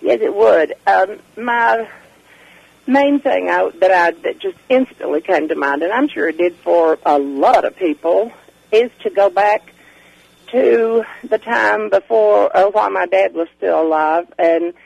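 A woman phoning in to a talk show, her voice hoarse and scratchy. It has a gravelly, rough edge and sounds close and dry. She muses reflectively and breaks into laughter often. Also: medium pitch, lively intonation, measured pace, darkish tone, dry recording. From Kentucky. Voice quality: scratchy, raspy. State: hoarse from a lingering cold. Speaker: caller. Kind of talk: casual phone-in chat.

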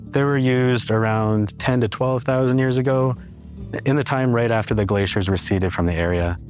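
A man explaining in a steady interview manner, often linking ideas with "and so". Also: medium pitch, moderate pace, faint music behind.

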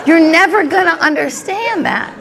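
A woman's voice: very high-pitched, moderate pace, gravelly. Woman, middle-aged, stand-up comedian, brash, punchy asides, handheld mic, noisy audience around her. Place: comedy stage before a crowd. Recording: live club with loud audience. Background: audience laughter and crowd noise.

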